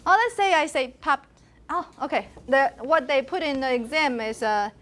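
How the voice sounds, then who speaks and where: A woman's voice: sits high, lively intonation, moderate pace, fairly bright tone. A female university lecturer with a Taiwanese accent, giving a classroom lecture and often asking the students questions and laughing.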